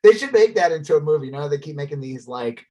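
A man's voice: fairly high pitch, fast talker. A man co-hosting a podcast in casual chat, swearing freely and acting out little quoted exchanges. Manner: animated, swearing, acts out voices in quotes. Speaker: podcast co-host.

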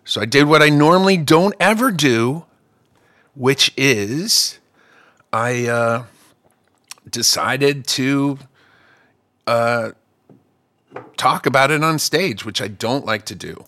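A man, a comedian, telling a story in casual chat, animated and swinging between loud outbursts and low mutters. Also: slow, pauses often, no room sound.

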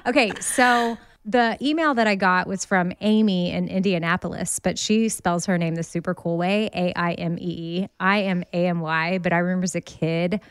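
A woman's voice: on the low side, steady tone, moderate pace, hardly any pauses, smooth, dry recording. A woman with a Southern US accent, co-hosting a casual podcast chat over a video call and laughing often. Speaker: podcast co-host. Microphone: remote video call.

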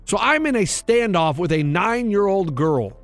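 Speaking at normal speed in a high voice, a radio co-host in his thirties wanders through a lively anecdote and voices each quoted person himself. Soft music runs in the background of this casual, story-focused chat.

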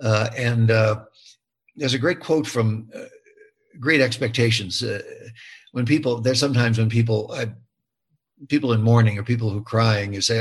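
An older man with a slightly husky voice chats through an interview, circling back and restarting his thoughts as he tells a story. His delivery is animated and conversational. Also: medium pitch, normal speed. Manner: expressive storyteller, many restarts and fillers. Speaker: actor interviewed about his film. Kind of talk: casual interview talk.

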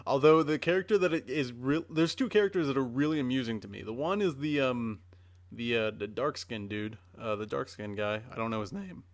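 A man's voice: mid-range voice, a little fast, no echo. A man in casual talk about anime, blunt and rambling, often critical. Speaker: podcast co-host.

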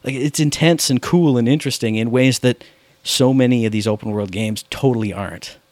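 A man's voice: mid-range voice, brisk, a little mellow, no room sound. A man rambling in casual chat about video games, with lots of filler words.

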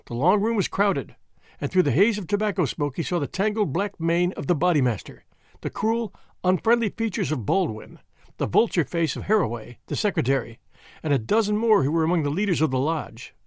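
A male narrator reads a classic story with animated, rising and falling intonation. His voice is a touch higher than most men's and sounds dry and close to the mic. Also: brisk, no room sound. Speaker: audiobook reader. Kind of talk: scripted narration.

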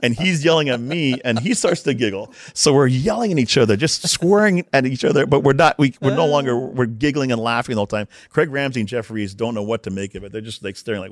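A man telling casual stories about working in hockey, acting out shouted quotes as he goes. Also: mid-range voice, fast talker, few pauses, dry recording, clean studio sound. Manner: animated storyteller, acts out shouted quotes. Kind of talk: casual anecdotal storytelling.

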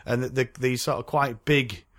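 A man's voice: mid-range voice, fairly even intonation, normal speed, a bit bright. A man co-hosting a fan podcast, chatting casually and enthusiastically with jokes. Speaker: podcast co-host. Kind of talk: casual chat.

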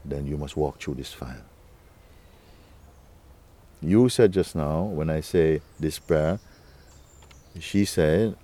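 A man giving an unhurried spiritual talk as a teacher to a gathering. He coaxes his listeners, often asks "you see?", and chuckles between phrases. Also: very deep voice, warm tone, no room sound.

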